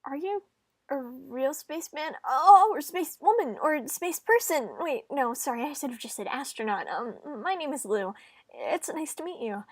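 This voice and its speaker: Shy, apologetic young protagonist, read by a woman, fairly high, slightly stammering, dry room. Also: lively intonation, moderate pace, dry recording. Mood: timid. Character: timid, friendly young protagonist.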